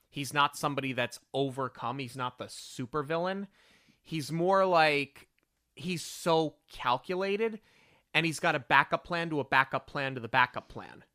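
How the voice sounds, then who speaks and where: On a film review podcast, a male co-host argues his case firmly and analytically in a casual chat. His mid-range voice has a sharp tone, with studio-quality sound and no echo.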